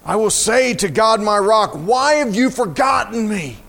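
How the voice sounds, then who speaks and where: A man preaching a sermon, reading scripture aloud in a slow, fervent way that rises to emotional emphasis. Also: sits high, expressive, creaky, fairly bright tone.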